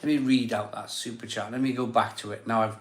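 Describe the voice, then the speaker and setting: Male live-stream host, mid-pitched, effusive and a bit choked up, repeats his thank-yous, roomy echo. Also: fairly even intonation, brisk. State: emotional, catching his breath. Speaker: live stream host reading viewer messages. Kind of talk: casual live stream chat. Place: home room set up as a virtual pub. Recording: echoey room.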